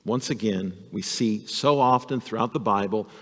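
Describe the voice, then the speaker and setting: A male pastor telling a Bible story to children in an animated, storytelling sermon. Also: lowish voice, normal speed, long reverb tail.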